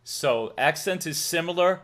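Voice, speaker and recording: A man's voice: expressive, a little slow, fairly bright tone. A man from Massachusetts with a Massachusetts accent, hosting a livestream in casual chat and laughing often. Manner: laughs often, chatty, swoops in pitch. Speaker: livestream host.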